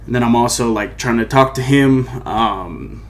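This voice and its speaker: Telling a personal story on his own podcast, a young musician talks at normal speed in a mid-range voice, with a bit of hiss or hum in the audio. His delivery is loose and rambling, peppered with "like" and "you know what I mean."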